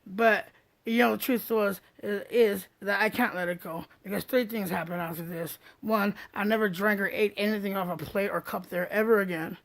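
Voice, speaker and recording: A man's voice: high-pitched, moderate pace, creaky. A man telling a comic story on stage, stammering with repeated words as he builds it up. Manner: stammering repeats, animated retelling. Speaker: stand-up comedian.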